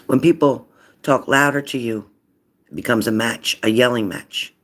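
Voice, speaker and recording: A man giving a casual card reading, acting out loud quotes and dropping into whispers. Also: medium pitch, moderate pace. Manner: animated, acts out loud and whispered voices. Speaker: psychic card reader.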